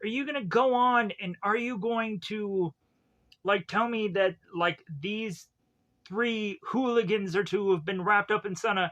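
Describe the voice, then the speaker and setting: High-voiced Southern man, slow and rambling. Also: bright, forceful tone. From Georgia, US. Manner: rambling, jokey asides and silly voices. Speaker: movie reviewer. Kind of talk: casual movie review monologue.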